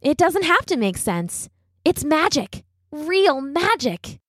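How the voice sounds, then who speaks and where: A woman putting on an earnest, imaginative little girl with a high, insistent voice. Her speech swoops up with wonder, recorded close and dry. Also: very animated, slow, dry recording, heavily acted.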